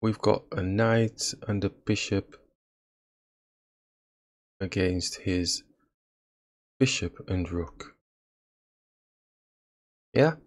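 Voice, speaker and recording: A man's voice: deep voice, extremely slow, pauses often. A man giving casual commentary on his own chess game, laughing at his own blunders. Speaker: chess streamer.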